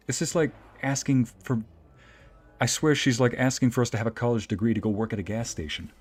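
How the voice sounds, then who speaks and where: A man's voice: medium pitch, a little fast, slightly rough, soft background music. A man streaming a let's play, commenting playfully, joking and reading game dialogue aloud. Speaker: VTuber streamer and narrator.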